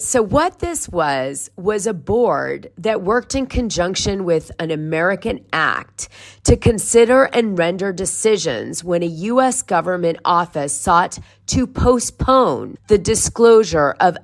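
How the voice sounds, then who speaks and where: Female podcast host with a deep voice, chatty solo monologue that explains each step. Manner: conversational, explains step by step with fillers.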